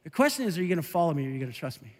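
A man voicing God as a calm, patient figure who asks quiet, steady questions. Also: on the high side, very fast, big-room sound, voice pushed down. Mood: gentle.

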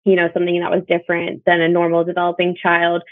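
A woman's voice: lowish voice, completely flat delivery, quick pace, no room sound. A young woman from Northern Virginia sharing her story as a bereaved mother, in an earnest, reflective, conversational way. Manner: earnest, reflective, quotes others in dialogue. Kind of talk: personal testimony, conversational storytelling. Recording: tinny phone-like line, dry.

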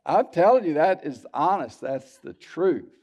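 High-voiced pastor preaching in folksy style. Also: male voice, expressive, measured pace, a little mellow. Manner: folksy storytelling with asides to the congregation. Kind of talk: sermon. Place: church sanctuary. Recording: dull lo-fi church sermon recording.

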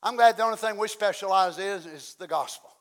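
Give me a middle-aged pastor with a high voice, preaching hard and shouting between quiet asides. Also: male voice, fast talker. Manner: swings from hushed asides to loud shouting. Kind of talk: fiery sermon.

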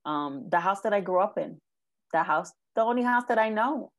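A young woman giving an emotional personal testimony in an interview, halting and earnest, near tears, with many ums and likes. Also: mid-range voice, expressive. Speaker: guest sharing her life story.

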